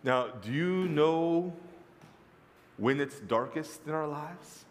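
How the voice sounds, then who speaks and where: A male pastor preaches to his congregation with an emphatic, storytelling delivery. His fairly high voice swings widely in pitch. The long reverb of a church sanctuary trails each phrase. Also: lively intonation, slow pace. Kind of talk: sermon.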